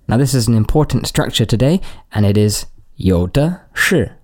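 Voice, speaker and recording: A man's voice: mid-range voice, animated, normal speed, a little mellow. A man from the United Kingdom co-hosting a podcast language lesson, breaking words down and explaining them. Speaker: podcast co-host.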